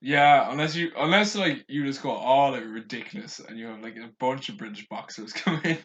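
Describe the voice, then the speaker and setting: A man co-hosting a wrestling podcast in casual chat, joking and quick to laugh. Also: mid-range voice, fairly bright tone, highs cut off. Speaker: podcast co-host.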